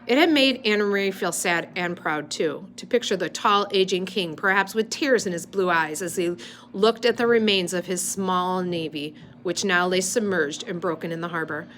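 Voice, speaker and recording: A woman's voice: lowish voice, moderate pace, fairly bright tone, slight background noise. A woman reading a novel aloud in an unpolished, amateur way, stopping now and then to correct her slips. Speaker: reader.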